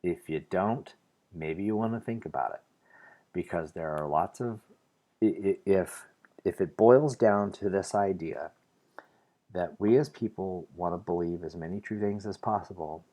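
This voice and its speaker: A man's voice: low-pitched, a little slow, warm tone. A man from the United States giving an earnest, argumentative vlog monologue, hesitant and full of restarts. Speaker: vlogger. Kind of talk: casual monologue to the camera.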